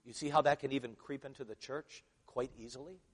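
A man's voice: medium pitch, steady tone, brisk, husky. A middle-aged man preaching a sermon as pastor, in a conversational style with jokes and asides. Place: church sanctuary. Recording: long reverb of a church hall.

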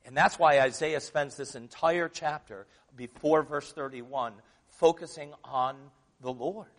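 A man's voice: a little high, unhurried. A male pastor delivering a sermon, moving between chatty asides and emphatic scripture reading. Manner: conversational preaching, rising to emphatic scripture reading. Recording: long reverb of a church hall.

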